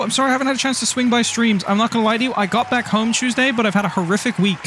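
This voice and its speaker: A man from Ireland chatting casually on a live game stream, rambling and excitable, swearing often and tripping over his words. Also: extremely high pitch, racing, few pauses, a little hiss or hum. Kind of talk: casual live-stream chat while playing. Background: faint music.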